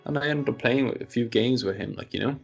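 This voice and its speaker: A man's voice: medium pitch, a little fast, breathy edge, dull audio, faint music behind. A man from Poland hosting a casual podcast chat, rambling with lots of fillers. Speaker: podcast host.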